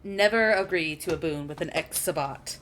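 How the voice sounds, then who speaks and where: A woman's voice: low voice, moderate pace, a bit bright, a little hiss or hum. A young woman runs a tabletop role-play session as game master. She narrates in a loose, chatty way and laughs often between scenes. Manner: casual, laughs often, voices characters on the fly.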